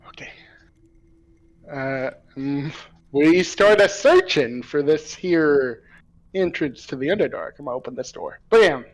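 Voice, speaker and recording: A man's voice: fairly high pitch, expressive, unhurried, poor audio. A man playing a tabletop game in an upbeat way. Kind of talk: casual game chat.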